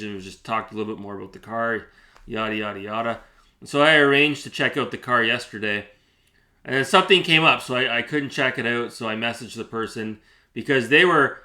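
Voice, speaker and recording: A Canadian man who hosts a gaming channel tells a story to camera, chatty and full of fillers and restarts. His voice is mid-range with a sharp tone.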